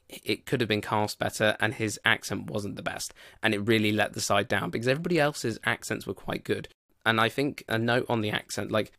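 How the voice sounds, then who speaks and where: A man's voice: lowish voice, fairly bright tone, no room sound, clean studio sound. A man giving a casual spoken film review, rambling and loose with plenty of "like" and "you know".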